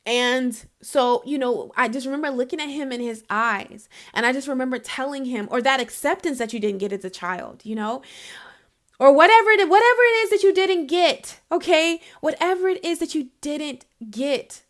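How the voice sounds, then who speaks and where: A woman's voice: sits high, normal speed, a bit bright. A woman giving a casual spiritual reading to her viewers. She is chatty and emphatic, laughs often, and speaks straight to the listener to encourage them. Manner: encouraging, addresses the listener directly. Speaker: intuitive reader.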